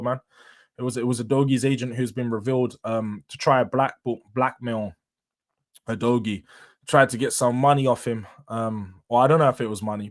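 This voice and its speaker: A young man runs a relaxed live stream. He talks in easy street slang and laughs often, chatting loosely with his viewers. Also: medium pitch. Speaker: livestream host. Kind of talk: casual stream chat.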